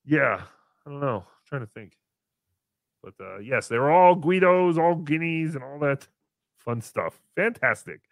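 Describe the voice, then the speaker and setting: A man hosting a casual livestream, reading paid chat messages with sarcastic jokes. He swings from loud bursts to mumbled asides. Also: a little high, animated, a little slow, creaky, no echo, studio quality.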